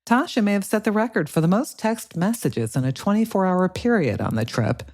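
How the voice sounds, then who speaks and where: A man's voice: sits high, very animated, brisk, darkish tone, pitched above the performer's own voice, heavily acted. A man voicing a sarcastic male sidekick in an audiobook, grumbling objections.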